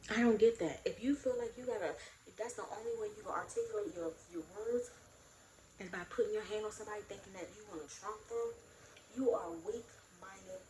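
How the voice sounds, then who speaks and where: A woman vlogger telling a storytime in a casual, blunt, animated way, acting out both sides of a quarrel. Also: mid-range voice, brisk, echoey room, slight background noise, low-quality recording. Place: room in her home.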